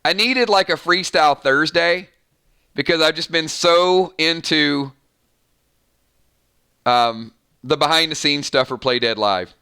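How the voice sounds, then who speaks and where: A man's voice: on the high side, takes it slowly, pauses often, bright, forceful tone, smooth. A man hosting a live stream, chatting casually and thanking viewers by name, often stumbling and restarting his sentences. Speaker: live-stream show host.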